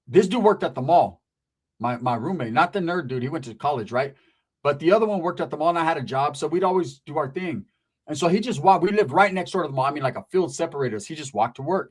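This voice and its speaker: A man's voice: fairly high pitch, slightly rough. A man telling a casual story in slangy, profane speech, acting out the people he quotes.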